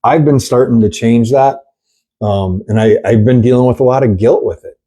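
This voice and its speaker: A middle-aged man talks straight to camera in a husky, mellow voice, grieving and angry. He rambles with lots of fillers and "you know"s, and he swears bluntly. He sounds like an animal rescue worker speaking off the cuff. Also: mid-range voice, normal speed. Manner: earnest, rambling, frequent fillers. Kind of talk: candid talk to camera. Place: sitting with dogs at the rescue.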